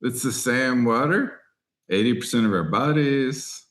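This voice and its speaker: A middle-aged man from Texas, a writer and angler, telling lively anecdotes in an interview and acting out other people's lines. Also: medium pitch, measured pace. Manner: animated anecdotes, voices other people in quotes. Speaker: podcast guest, writer and angler. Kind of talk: storytelling interview chat.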